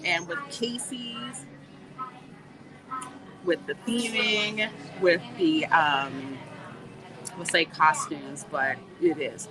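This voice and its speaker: A woman hosting a casual livestream while walking through a theme park, reading viewer comments and chatting in an animated way. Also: fairly low pitch, extremely slow, long pauses. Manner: chatty and animated, warm greetings, laughs often. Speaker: livestream host. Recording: noisy outdoor livestream audio. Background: park ambience and music.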